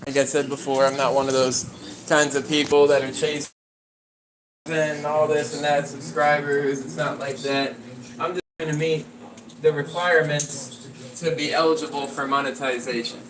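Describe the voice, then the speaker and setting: A man's voice: on the high side, flat delivery, moderate pace, crowd noise, rough recording. A man livestreaming, telling a story in a rambling, conversational way and talking to his dog.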